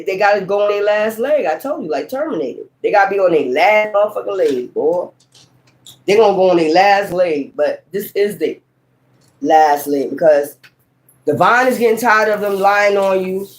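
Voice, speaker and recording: A woman of medium pitch and normal speed reads tarot casually to camera on a low-quality recording. Her delivery is blunt, heated, and rambling, full of cussing and sudden emphatic exclamations.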